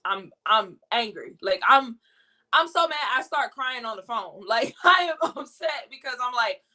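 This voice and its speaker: Bright-voiced woman telling an animated story. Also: fairly high pitch, a little slow. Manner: animated, acts out family quotes. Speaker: guest. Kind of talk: casual storytelling.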